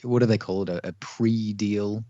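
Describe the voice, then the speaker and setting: A low-voiced Australian man talks shop as a vocal coach, easygoing and quick to agree. His voice sits deep and close, in a dry space with a slightly dull, lo-fi sound. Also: no echo. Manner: relaxed, agreeable, with quick affirmations. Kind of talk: casual chat between vocal coaches.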